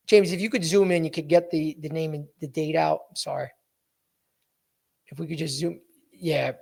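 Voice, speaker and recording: Blunt gravelly-voiced man coaching. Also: on the high side, warm tone. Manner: direct and blunt, addresses listeners as "guys" and repeats key points. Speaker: podcast host and sales coach. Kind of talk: coaching talk, walking through a resume on screen.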